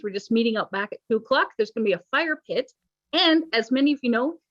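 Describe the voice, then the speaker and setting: A woman's voice: fairly high pitch, sharp tone. A woman hosting a church service, telling pirate jokes and giving playful announcements. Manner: playful, joking, with pirate banter. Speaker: worship service host. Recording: dull lo-fi recording.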